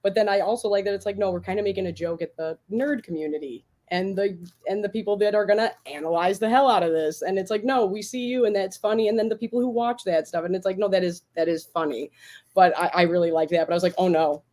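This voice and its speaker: A woman co-hosting a casual podcast chat, talking in an animated way with many restarts and acted-out quotes. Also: medium pitch, fast. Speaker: podcast co-host.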